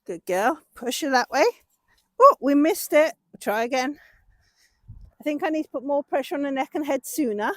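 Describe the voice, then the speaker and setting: A woman's voice: high voice, animated, moderate pace, no echo. A woman hosting her own vlog, chatting casually and encouraging her horse as she works it outdoors. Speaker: horse owner and channel host. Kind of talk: casual vlog narration while working a horse.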